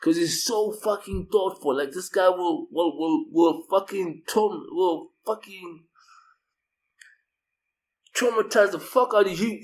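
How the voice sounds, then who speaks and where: A man telling a personal story in loose, profane slang, getting loud and high-pitched when he quotes himself. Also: a little slow, low-quality recording. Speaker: video storyteller. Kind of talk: casual spoken storytelling.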